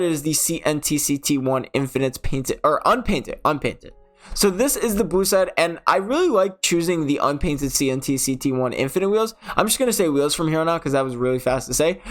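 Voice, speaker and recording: A young man casually talking through game car designs as a video host, rambling a little with fillers and self-corrections. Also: fairly high pitch. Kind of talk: casual game commentary voice-over.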